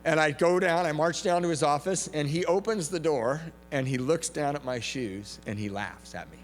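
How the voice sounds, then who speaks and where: A man's voice: on the high side, moderate pace. A man speaking at a recovery meeting, telling a personal story with laughter and acted-out voices. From United States. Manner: animated, laughing, acts out quoted voices. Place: large event hall. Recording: echoey hall recording with faint hum.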